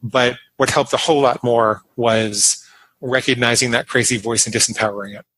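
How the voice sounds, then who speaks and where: A man's voice: medium pitch, steady tone, normal speed, a bit bright, husky, poor audio. A man in his fifties, a podcast guest telling a personal story in an earnest manner. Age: 50s. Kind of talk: interview storytelling.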